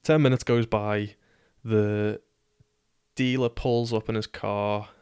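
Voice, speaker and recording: A man's voice: fairly low pitch, fairly even intonation, slow pace, a little mellow, clean tone, dry recording, clean studio sound. A man in his twenties with a British accent, telling a personal story casually, sweary and self-deprecating. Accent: British English. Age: 20s.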